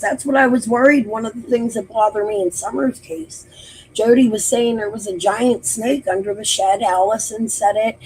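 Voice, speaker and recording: A woman's voice: medium pitch, moderate pace, a little mellow, slight background noise, low-quality recording. A woman hosting a casual livestream, talking bluntly and profanely straight to her chat. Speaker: livestream host.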